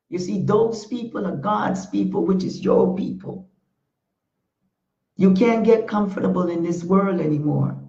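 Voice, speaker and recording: Unhurried, creaky, and mellow, a mid-range voice belongs to a middle-aged talk show host preaching an impassioned monologue. She speaks declaratively and fiercely, repeating phrases for emphasis, in an echoey room captured with dull lo-fi sound.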